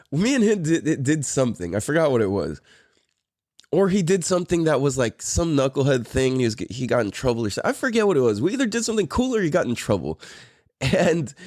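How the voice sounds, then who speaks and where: A man's voice: a little high, a little mellow, no room sound, clean studio sound. A middle-aged man from San Diego hosting a podcast, telling a story in a laid-back, profane way and laughing often. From San Diego, Mira Mesa. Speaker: podcast host. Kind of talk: casual storytelling chat.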